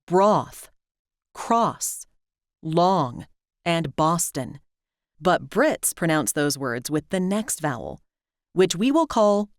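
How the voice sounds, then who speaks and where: American woman, pronunciation teacher, slow careful delivery, lively lilting pitch, dry close sound. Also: no echo. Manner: clear, careful enunciation of example words. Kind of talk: scripted instructional narration.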